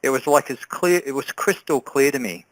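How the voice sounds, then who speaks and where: An Australian man speaks as the guest on a group call. His voice sits at a middle pitch and sounds dry and close. He is earnest, repeats himself for emphasis, and leans on fillers like "you know". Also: moderate pace, no echo, rough recording. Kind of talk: telling a personal story on a group call.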